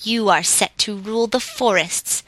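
Woman reading as an angry goblin king, impudent and shouting, slow and bright sounding. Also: mid-range voice, no echo. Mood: defiant. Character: fierce scowling male goblin king, impudent.

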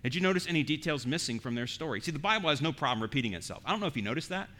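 A man's voice: on the high side, lively intonation, racing, bright, forceful tone. A man preaching an expository sermon as pastor, earnest and emphatic, often repeating words as he goes.

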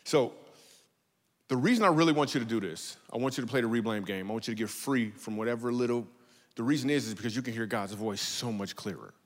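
Male preacher, mid-pitched, loose and funny, church hall with long reverb. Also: fast talker. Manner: conversational, joking, animated storytelling. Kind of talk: comedic church sermon.

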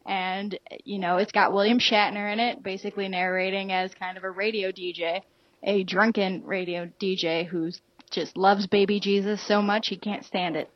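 A woman talks through a movie review in a relaxed, rambling podcast chat, full of ums and likes. Her voice sounds dry and close, with slightly muffled, lo-fi audio. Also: mid-range voice, moderate pace, no room sound. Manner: chatty, loose, frequent fillers. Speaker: podcast co-host.

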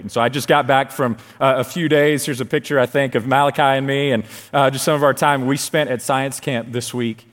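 Fired-up man preaching in a big hall. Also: medium pitch. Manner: excited, storytelling, quick asides. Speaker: children's ministry leader. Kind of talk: sermon with personal story. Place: large church stage. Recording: long hall reverb.

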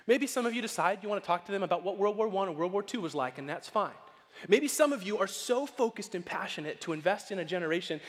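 High-voiced animated pastor in a reverberant hall. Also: male voice. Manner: animated, acts out quoted voices. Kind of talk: sermon.

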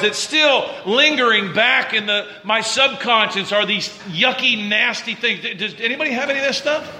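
High, bright-voiced pastor preaching in an echoey room. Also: male voice, slight background noise. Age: 40s. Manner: conversational preaching with call-and-response prompts. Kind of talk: sermon.

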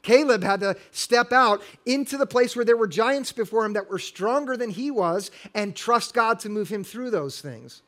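A man's voice: sits high, expressive, moderate pace, hardly any pauses, a bit bright. A middle-aged male pastor preaching a sermon, earnest and building to emphatic exhortation.

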